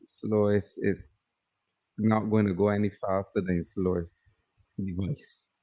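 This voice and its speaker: A man co-hosting a live stream, chatting casually in a calm, explanatory way and agreeing often. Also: fairly low pitch, takes it slowly, no echo. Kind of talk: casual chat reacting to a video.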